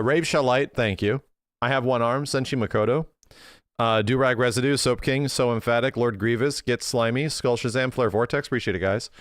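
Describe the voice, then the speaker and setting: A man chatting casually to his live-stream audience, excitable and quick to laugh. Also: mid-range voice, clean tone, no echo, clean studio sound. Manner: excitable, talks to his chat, laughs easily.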